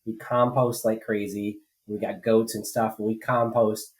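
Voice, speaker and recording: A man's voice: lowish voice, flat delivery, a little slow, a little mellow, rough recording. Rambling man in casual political chat. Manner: rambling, conversational, with many fillers and restarts. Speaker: state legislator co-hosting a political podcast. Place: rural home.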